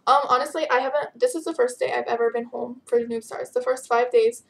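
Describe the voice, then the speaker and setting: A woman's voice: on the high side, steady tone, a little fast, vocal fry. A teenage girl chatting casually as she answers viewer questions in her vlog, giggly and bubbly, sounding tired. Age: teens. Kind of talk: casual chat.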